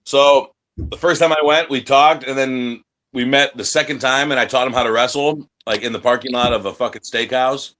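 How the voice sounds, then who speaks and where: Brief: man from the United States, mid-pitched, swears constantly, boastful storyteller, wrestler guest. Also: steady tone, moderate pace, pushed and bright. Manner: profane, brash and boastful, acts out voices in his stories. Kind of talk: casual interview talk.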